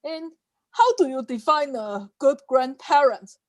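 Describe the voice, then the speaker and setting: A woman tells deadpan one-liner jokes at a slow, unhurried pace. Her voice is high, and the recording sounds dry and close with no room echo. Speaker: stand-up comedian.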